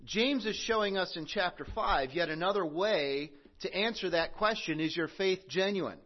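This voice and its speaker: A man preaching a sermon, earnest and measured, with emphatic pauses. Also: high voice, muffled recording. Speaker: pastor.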